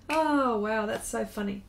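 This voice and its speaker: A middle-aged woman artist chatting casually on a live stream while she draws, reading viewer comments aloud in an unhurried way. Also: on the high side, gravelly, background noise. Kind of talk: casual chat while drawing.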